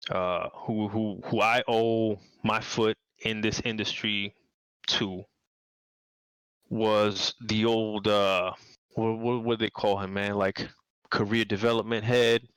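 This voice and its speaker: A man talks as the guest in a casual interview. He rambles and repeats words, and his voice is low and smooth. The sound is dry and close. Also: a bit bright, dry recording, poor audio. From New York City. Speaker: podcast guest, game designer.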